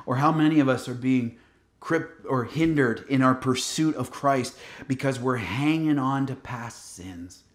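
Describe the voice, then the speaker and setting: A man's voice: medium pitch, a bit bright. A male pastor preaching a sermon, earnestly exhorting his listeners and often calling them loved ones. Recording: roomy echo.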